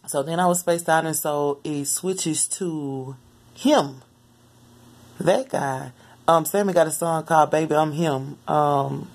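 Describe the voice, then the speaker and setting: A mother telling the story of a dream in casual, rambling vlog talk, often jumping into lively quoted asides. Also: low voice, vocal fry, slightly rough. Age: adult mother. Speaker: spiritual vlogger.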